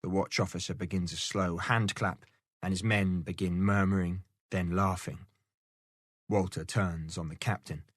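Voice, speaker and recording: A man narrating a novel aloud in a steady, measured storytelling manner. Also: deep voice, dry recording, clean studio sound. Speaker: audiobook narrator. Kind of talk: scripted narration.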